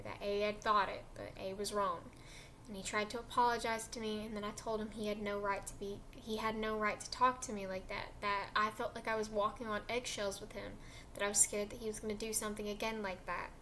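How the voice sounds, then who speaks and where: A woman's voice: medium pitch, a bit bright, a little hiss or hum. A young woman casually telling a personal story in a chatty, emotional way with lots of fillers.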